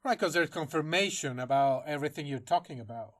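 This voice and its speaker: A man hosts an interview podcast in a voice a little higher than most men's. He asks short follow-up questions and brief confirmations. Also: expressive, fairly quick. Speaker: podcast host.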